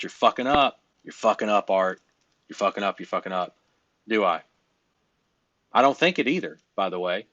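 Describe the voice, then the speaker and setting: A blunt man with a lowish voice talks in a loose, rambling coaching style and peppers it with fillers and swearing. The sound is a bit muffled and dry, with no room around it. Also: a bit bright, no room sound. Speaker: business coach. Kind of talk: casual coaching talk.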